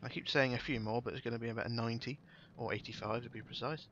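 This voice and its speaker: A man's voice: medium pitch, fairly even intonation, quick pace, a bit bright, dull audio, slight background noise. A man giving casual, chatty commentary while playing a game, swearing now and then and thinking aloud. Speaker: gameplay commentator.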